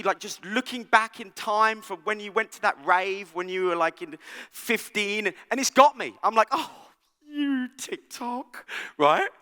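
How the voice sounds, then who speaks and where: A man's voice: high voice, big-room sound. A man giving a joking, conversational conference keynote, often checking in with the audience. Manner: animated, joking, conversational with frequent "right?". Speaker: conference speaker. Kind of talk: keynote talk. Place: large conference hall.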